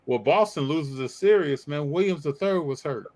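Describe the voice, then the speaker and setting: A man co-hosting a casual live stream and reacting to viewer comments about basketball, with a teasing, animated delivery. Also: normal speed, poor audio. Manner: animated, teasing, pitch jumps up when joking. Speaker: co-host reading live chat.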